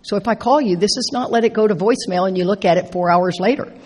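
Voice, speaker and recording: A middle-aged woman shares a personal story from the stage of a large convention hall. She talks in a lively, animated way, acting out what she said and laughing along. Her voice carries a long, echoing reverb. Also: medium pitch, fast talker, slightly rough. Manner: animated, acts out her own quotes, laughs through the story. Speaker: speaker at a recovery convention.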